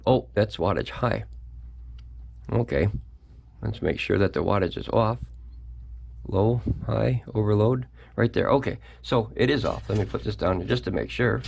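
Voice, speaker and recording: A man's voice: fairly low pitch, creaky, breathy edge. A man hosting a casual product review vlog, chatty and folksy, talking straight to his viewers from a home kitchen.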